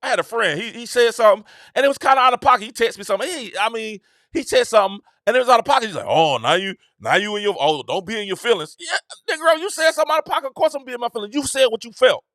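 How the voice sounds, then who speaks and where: A man's voice: extremely high pitch, racing, fairly bright tone, dry recording, clean studio sound. A man hosting his own show, talking in a casual, emphatic monologue with slangy, repetitive phrasing. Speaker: show host.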